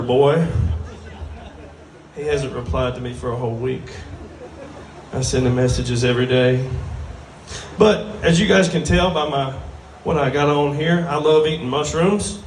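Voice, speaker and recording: A man's voice: a little high, a little hiss or hum. A man with a drawl doing a crude, self-mocking stand-up set on a bar stage before a live crowd. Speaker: stand-up comedian. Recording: roomy bar sound from a distant mic.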